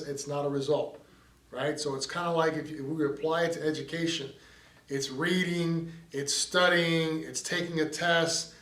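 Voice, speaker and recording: A middle-aged man speaks as a baseball coach, earnest and conversational, with plenty of fillers and restarts. His voice sits a bit high. The sound is roomy and comes from a distance. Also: fairly bright tone. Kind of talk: direct-to-camera advice talk.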